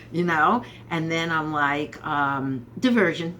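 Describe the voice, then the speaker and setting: A woman's voice: low voice, unhurried, hardly any pauses, a little hiss or hum. A woman from Brooklyn, hosting a rambling, sarcastic political commentary monologue. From Brooklyn, New York. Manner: rambling, sarcastic, animated asides. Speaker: host.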